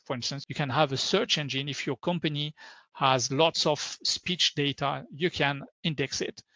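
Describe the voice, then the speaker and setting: A man's voice: fairly high pitch, bright, forceful tone, no echo. A man with a French accent giving an upbeat conference tech talk as a workshop presenter, often saying "super" and "so".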